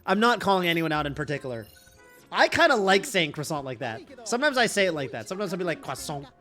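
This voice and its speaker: A man's voice: high voice, big pitch swings, fast, pushed and bright, soft background music. A man streaming a game, chatting casually in a rambling way full of fillers and restarts. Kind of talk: casual chat while streaming.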